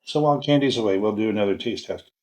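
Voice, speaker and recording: A man's voice: fairly low pitch, fast, a little mellow. A man, the host's partner, teasing and joking in a home kitchen during a cooking vlog. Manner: teasing and wry. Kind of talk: casual chat. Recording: dull lo-fi sound.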